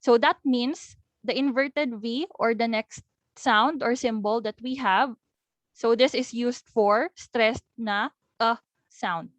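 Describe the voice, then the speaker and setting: A woman's voice: fairly high pitch, slow pace, no room sound. A young woman with a Filipino accent teaching an online lesson, explaining step by step and often restarting phrases. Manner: explains step by step, mixing in local words.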